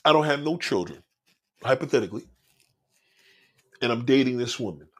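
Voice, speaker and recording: A podcast host speaks straight to his listeners in a casual livestream monologue that is blunt, profane and preachy. His voice is medium-pitched and expressive, at a normal speed.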